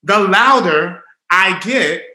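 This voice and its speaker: A man preaching in an earnest sermon style, dropping to a hush for emphasis. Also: high voice, expressive, slow. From Southern US. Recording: roomy echo.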